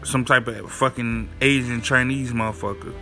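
Man, podcast host, gravelly, casual and profane, rambling talk, faint music. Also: medium pitch, fairly even intonation, normal speed, sharp tone. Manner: loose, profane, rambling with many fillers. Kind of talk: casual solo podcast monologue.

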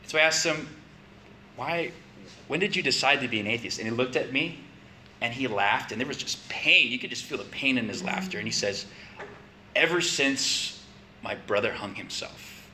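A man's voice: mid-range voice, expressive, moderate pace, bright, forceful tone, slight background noise. A man preaching a conversational sermon, building to emphatic questions.

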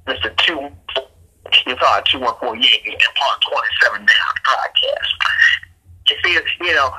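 A man's voice: mid-range voice, bright, forceful tone, husky, poor audio. A man co-hosting a sports podcast, teasing and bragging in casual banter, often stammering as he restarts. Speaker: podcast co-host.

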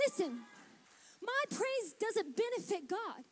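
A woman's voice: very high voice, lively intonation, normal speed, darkish tone, in a large hall. A woman pastor preaching a sermon in a church and calling out for responses from the congregation. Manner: passionate preaching with call-and-response. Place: church sanctuary.

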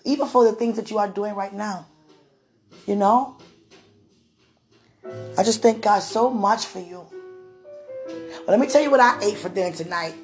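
A woman's voice: mid-range voice, normal speed, long pauses, a little mellow, soft background music. A woman talking to the camera in a casual devotional vlog, rambling and affectionate, often breaking into laughter. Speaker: vlogger.

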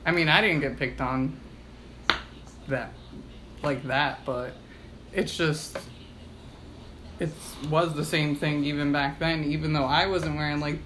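A woman's voice: low-pitched, fairly even intonation, a little slow, pauses often, noisy background. Woman cohost on a podcast, rambly, lots of "like" and "i mean". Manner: rambling, filler-heavy storytelling. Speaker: podcast co-host. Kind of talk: casual podcast discussion.

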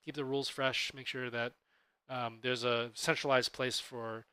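A man co-hosting a podcast, chatting casually about tabletop gaming in a relaxed, explanatory way. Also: mid-range voice, unhurried, clear, resonant tone, dry recording. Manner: relaxed, explanatory, self-correcting. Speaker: podcast co-host.

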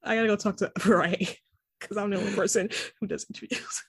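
A woman co-hosting a casual TV recap chat, animated and quick to act out characters' lines. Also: medium pitch, husky, no echo, clean studio sound. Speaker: podcast co-host.

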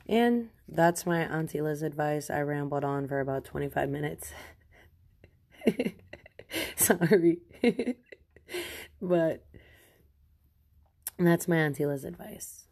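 Young mom podcaster, deep voice for a woman, rambly, laughs a lot. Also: vocal fry, a little mellow. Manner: chatty and rambling, laughs often, frank. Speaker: podcast host. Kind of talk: casual advice podcast. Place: home.

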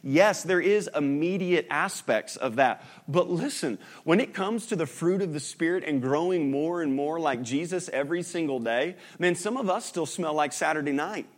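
A man's voice: a little high, normal speed, hardly any pauses. Male pastor, conversational sermon delivery, questions to the congregation, light humor.

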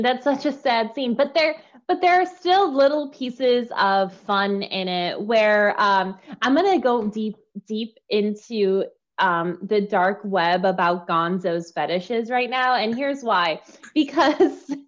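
A woman's voice: on the high side, dull audio. A woman co-hosting a podcast, chatting casually and rambling with frequent giggles. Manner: giggly, rambling, playfully quotes scenes. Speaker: podcast co-host. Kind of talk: casual chat.

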